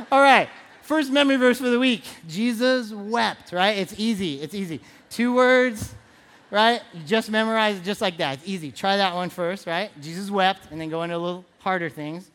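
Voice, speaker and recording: A pastor preaching a sermon in a relaxed, chatty way, asking the congregation questions and repeating key phrases for emphasis. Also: mid-range voice. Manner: conversational, playful, asks the audience questions.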